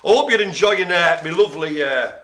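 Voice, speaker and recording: A man's voice: high voice, animated, fairly quick, pushed and bright, roomy sound. A British man hosting a live bingo game with jokey, hammy banter. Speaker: bingo host. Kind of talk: live comic bingo calling.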